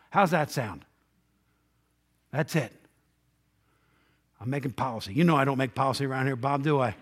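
A man preaching a sermon in a church, his voice a little higher than most men's. He talks to the congregation like friends, firing off rhetorical questions and dropping from loud calls to near hushes. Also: normal speed, long pauses. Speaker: pastor. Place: church sanctuary.

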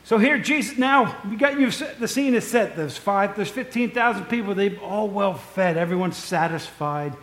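A man's voice: sits high, lively intonation, normal speed, hardly any pauses, a bit bright. A man preaching a conversational, storytelling sermon, full of asides to the congregation. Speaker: pastor. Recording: echoey room.

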